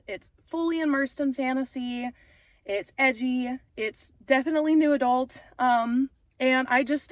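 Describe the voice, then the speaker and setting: A woman's voice: fairly high pitch, no echo, lo-fi sound. A young adult woman talking casually in her parked car, rambling with fillers and getting emotional. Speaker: author and vlogger. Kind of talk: casual vlog talk.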